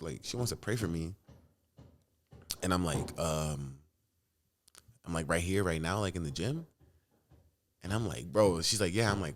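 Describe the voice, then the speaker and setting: Young adult man, casual vlogger; restless, profane, low-pitched storytelling. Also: lively intonation, brisk, pauses often, a little hiss or hum.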